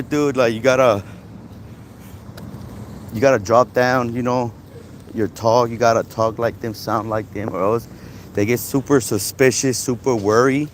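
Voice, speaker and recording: A man's voice: medium pitch, a little hiss or hum. A man livestreaming on a walk through a city park, talking casually and rambling with lots of filler. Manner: casual, rambling, lots of "you guys" and "you know". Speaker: street vlogger. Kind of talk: walking street livestream. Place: outdoors in a city park by traffic.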